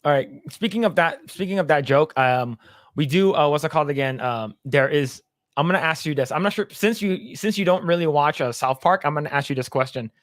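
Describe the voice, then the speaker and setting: A man's voice: on the high side, fairly quick, a bit bright, no room sound, clean studio sound. A man co-hosting a casual podcast chat, rambling with many fillers and laughing as he retells jokes. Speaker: podcast co-host.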